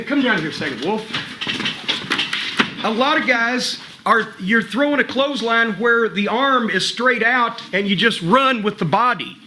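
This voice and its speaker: A man's voice: high voice, bright, forceful tone, a little hiss or hum. A middle-aged man coaching wrestlers in a gym, blunt and profane, mixing advice with wry stories. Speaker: wrestling trainer giving a seminar.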